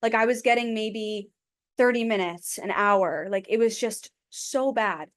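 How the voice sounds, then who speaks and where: A woman's voice: mid-range voice, unhurried, fairly bright tone, no echo. Young woman podcasting into her mic, rambly and frank, lots of "like", dry sound. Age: young adult. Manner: chatty, heavy use of "like", frank. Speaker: podcast host. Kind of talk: casual storytelling. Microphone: own mic.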